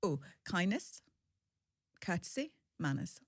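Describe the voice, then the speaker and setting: A woman's voice: fairly low pitch, very animated, slow, no echo, studio quality. A woman in her forties speaking as an interview guest, frank, chatty and self-deprecating. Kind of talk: candid conversational storytelling.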